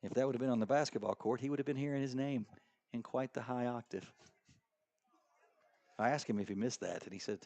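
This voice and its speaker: A middle-aged man doing play-by-play commentary for a school soccer match, joking around and bursting into excited high calls. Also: brisk, long pauses. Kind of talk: local sports commentary.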